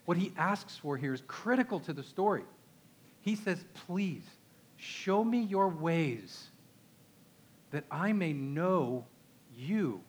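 A man's voice: on the high side, lively intonation, slow, pauses often, slightly rough. A man with a Texan accent preaching a conversational sermon, emphatic and often asking his listeners rhetorical questions. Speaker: pastor.

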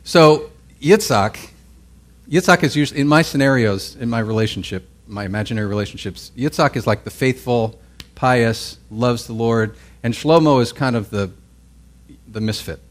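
A man's voice: medium pitch, normal speed. A man preaching a sermon as pastor, in a conversational way, often checking in with listeners and restarting his phrases. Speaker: pastor teaching a Bible class.

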